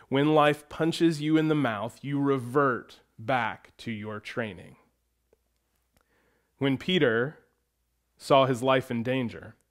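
A man preaching a sermon as pastor. He reads scripture slowly, then talks plainly and conversationally, with playful asides. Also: medium pitch. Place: church sanctuary.

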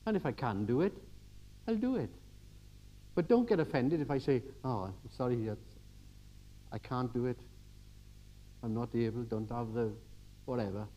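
An older man giving a church sermon, telling everyday stories and swinging from quiet asides to emphatic exhortation. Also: medium pitch, lively intonation, normal speed, long pauses, muffled recording. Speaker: preacher.

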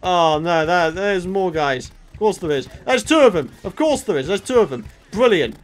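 A man's voice: high voice, lively intonation, normal speed. A man giving Let's Play commentary, exasperated and exclamatory, swinging from mutters to outbursts. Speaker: gaming YouTuber.

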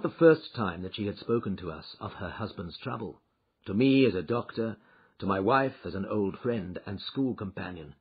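A man giving an expressive, dramatic reading of a classic detective story, in a dull lo-fi recording. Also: on the low side, moderate pace, slightly rough. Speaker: audiobook narrator. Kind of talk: scripted narration of a classic story.

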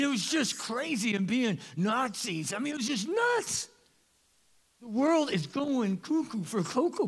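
A man preaching a sermon as pastor of a church, animated and joking, with sudden loud bursts. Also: sits high. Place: church sanctuary.

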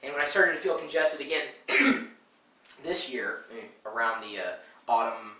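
A man's voice: medium pitch, fairly even intonation, unhurried, recorded from a distance. Stuffed-up nasal man in an echoey room. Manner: rambling with many filler uhs. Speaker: vlogger. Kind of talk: casual video demonstration. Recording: bright echoey room, a bit off-mic.

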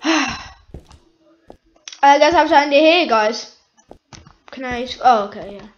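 A woman giving casual, excitable commentary while playing a shooter game, pleading with the game and cheering her kills. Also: high-pitched, takes it slowly, dull audio. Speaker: gaming YouTuber.

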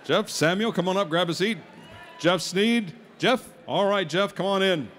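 High-voiced joking contest emcee man. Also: normal speed, a bit bright, slight background noise. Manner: joking, upbeat, hyping the crowd. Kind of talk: live event announcing on a PA.

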